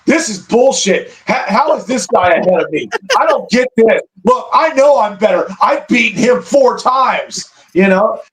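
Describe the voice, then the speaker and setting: A man's voice: high voice, lively intonation, measured pace, few pauses, a bit bright, poor audio. A man, a guest analyst on a casual podcast, who explains at length and keeps checking in with "right?".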